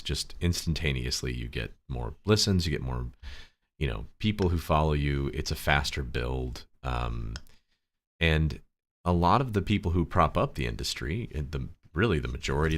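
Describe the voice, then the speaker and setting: Very deep gravelly sleepy man. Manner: relaxed, rambling, laughs often. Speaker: host. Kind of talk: casual livestream chat. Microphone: desktop microphone.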